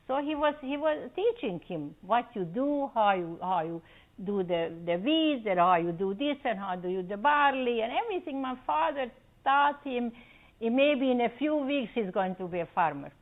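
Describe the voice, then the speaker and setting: In an oral history interview, an older woman from Czechoslovakia animatedly recounts her family's story, acting out what people said. Her voice is a little high and her pace moderate, though the audio is poor.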